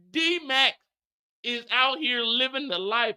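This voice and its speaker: A man hosting a comedic TV episode recap, ranting in an animated, profane, mock-dramatic way. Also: very high-pitched, a little slow. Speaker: show recap host.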